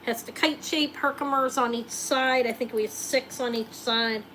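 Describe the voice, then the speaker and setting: A woman's voice: a little high, steady tone, normal speed, a bit bright, rough recording. Woman host of a live jewelry sale; casual, chatty, joking, slight background noise. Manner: chatty, joking, thinks aloud while showing rings.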